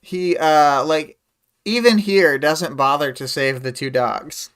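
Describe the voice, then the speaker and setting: Guy with a smooth clear voice, easygoing, chats about a story on a stream, hedges a lot. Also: on the high side, slow pace, a bit bright. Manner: easygoing, conversational, hedging. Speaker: podcast co-host. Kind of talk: casual livestream discussion.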